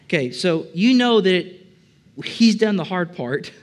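Male pastor, fairly high voice, chatty sermon full of jokes and questions to the room. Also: expressive, unhurried. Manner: chatty, joking, asks the congregation questions. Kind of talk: conversational sermon. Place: church service before a congregation.

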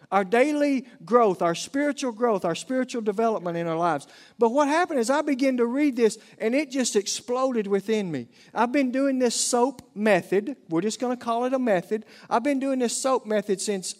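A middle-aged man with an Oklahoma Southern accent, preaching a folksy, conversational sermon to a congregation. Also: sits high.

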